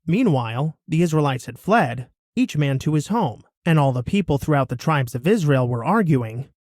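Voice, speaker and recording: A man reading a Bible passage aloud in a steady, expressive way. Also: on the high side, moderate pace, no room sound, studio quality. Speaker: scripture reader.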